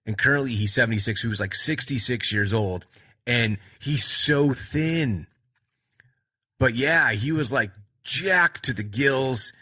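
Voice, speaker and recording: A man's voice: medium pitch, slow pace, pushed and bright, slightly rough. A man hosting a podcast, retelling a movie in a loose, rambling way with lots of fillers and restarts. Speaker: podcast host.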